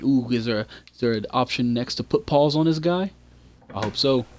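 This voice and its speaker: A man's voice: medium pitch, brisk. Joking man reading game dialogue aloud. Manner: reads dialogue choices aloud and jokes. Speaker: gaming YouTuber. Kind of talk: casual gameplay commentary.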